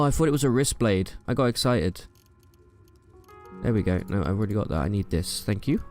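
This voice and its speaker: A man's voice: lowish voice, moderate pace, a little mellow, faint music behind. A young man giving casual, playful gameplay commentary, joking and trash-talking the enemies he fights. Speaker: gaming YouTuber.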